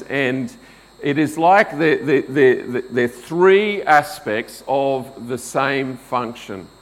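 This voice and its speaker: A middle-aged man preaching a sermon, unhurried and deliberate, asking his listeners questions and answering them. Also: medium pitch, poor audio. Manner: slow, deliberate, rhetorical questions. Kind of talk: expository sermon.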